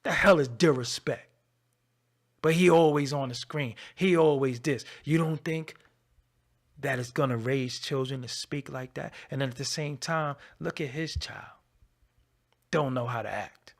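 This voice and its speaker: Channel host, man, gravelly voice, scolding rant, mid-pitched. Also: unhurried. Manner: confrontational, scolding, swings from loud to low. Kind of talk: ranting commentary to camera.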